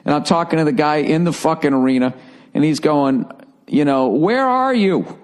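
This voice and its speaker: A man's voice: a little high, steady tone, brisk, a little mellow. A man hosting a solo podcast, telling a rambling story full of profanity and self-mocking asides. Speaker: podcast host.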